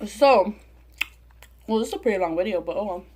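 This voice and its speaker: A woman's voice: medium pitch, a little fast, slight background noise. A young woman, telling a profane story to camera and acting out the quoted voices. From Southern California. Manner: profane, animated, acts out quotes. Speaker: mukbang vlogger.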